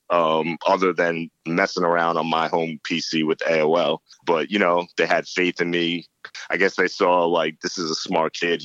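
Deep-voiced New man telling his story. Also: fairly bright tone, no echo, muffled recording. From Yonkers, New York. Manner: loose, conversational, many fillers like "you know" and "like". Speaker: interview guest. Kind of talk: casual storytelling interview.

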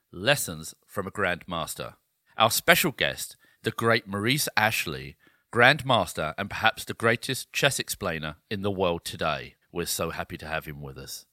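A man hosting a podcast, reading a formal introduction in a measured, announcer-like way. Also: sits low, sing-song, sharp tone, no echo, studio quality. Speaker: podcast host. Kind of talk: reading a formal introduction, then casual chat.

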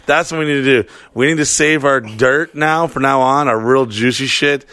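A man's voice: mid-range voice, normal speed, bright, forceful tone, no echo. Joking man's dry close voice. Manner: crude joking, riffs in put-on voices. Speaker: podcast co-host. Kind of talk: casual chat.

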